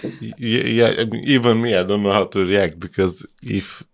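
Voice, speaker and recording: A man hosting a podcast interview, speaking haltingly and searching for words. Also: lowish voice, fairly even intonation, gravelly, dry recording, studio quality. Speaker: podcast host. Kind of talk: casual interview.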